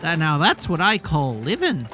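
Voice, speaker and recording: A sly, chatty old peddler, put on by a man rambles in a folksy rustic drawl from a video game. The voice runs bright and bouncy, swinging freely up and down as it spins its tale. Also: fairly high pitch, wildly swooping pitch, moderate pace, faint music behind, heavily acted. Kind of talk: reading game dialogue in character.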